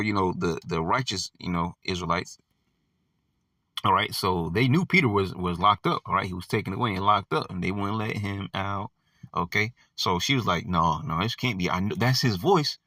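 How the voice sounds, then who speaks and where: A man's voice: lowish voice, pushed and bright, no room sound, far from the mic. A man leading an informal bible study, reading verses and explaining them in a conversational, slangy way with frequent check-ins. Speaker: bible teacher.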